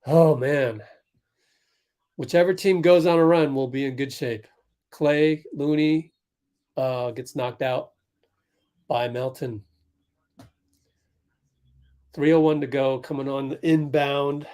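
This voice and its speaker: A young man hosting a casual sports livestream, thinking aloud and calling plays in quick bursts while chatting with viewers. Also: mid-range voice, fairly even intonation, mellow. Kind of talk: casual live game commentary and chat.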